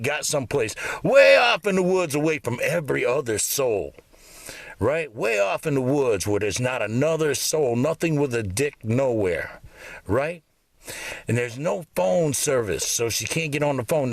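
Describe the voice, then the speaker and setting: A man's voice: on the high side, gravelly, no echo. A man in his fifties ranting bitterly in a rambling, profanity-laden monologue. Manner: bitter, rambling, swears constantly. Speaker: vlogger.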